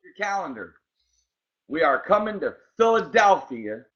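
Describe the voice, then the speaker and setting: A man's voice: fairly high pitch, big pitch swings, a little slow, a bit bright. A male co-host in casual chat who enthusiastically greets listeners by name. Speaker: podcast co-host. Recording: dull lo-fi sound.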